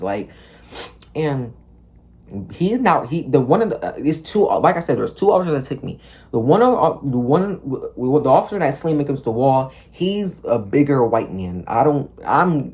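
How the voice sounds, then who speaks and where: A young man with a medium-pitched voice tells a storytime monologue as a vlogger. He rambles in an animated way, packing in "like," profanity and slang, and acts out the people in his story.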